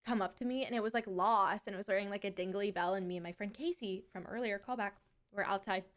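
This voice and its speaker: A woman's voice: medium pitch, quick pace. Chatty young woman streamer. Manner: chatty storytelling, animated quoted asides. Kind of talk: casual chat.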